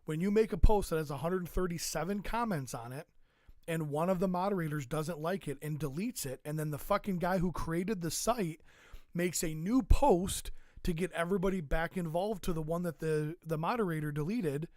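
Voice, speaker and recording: A man's voice: a little high, normal speed, a little mellow, no echo, clean studio sound. A man co-hosting a casual podcast, ranting and swearing freely about an online forum. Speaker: podcast co-host. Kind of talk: casual chat.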